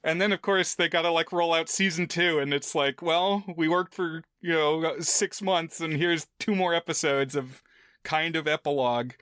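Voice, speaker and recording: A man's voice: on the high side, fairly even intonation, moderate pace, fairly bright tone, clear, resonant tone, no echo, clean studio sound. A man co-hosting a film podcast, talking casually and thinking aloud with lots of fillers. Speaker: podcast co-host.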